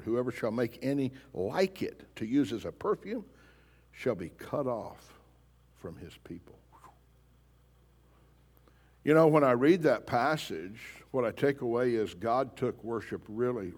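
A man's voice: mid-range voice, a little mellow, husky. A man preaching a sermon as pastor, emphatic and pressing his congregation with pointed questions. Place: church sanctuary. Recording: long reverb of a large hall.

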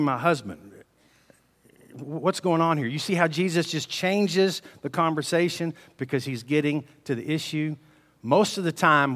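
A man preaching a sermon, telling the story with animated swings between loud emphasis and hushed delivery. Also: mid-range voice. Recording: long reverb of a large hall.

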